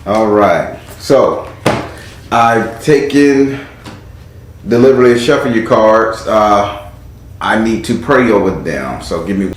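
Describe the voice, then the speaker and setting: A man's voice: fairly low pitch, takes it slowly. A man hosting a casual live tarot reading, talking informally and calling on spirit as he reads the cards. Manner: chatty and informal, calls on spirit. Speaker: tarot reader and host. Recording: very echoey room with faint noise.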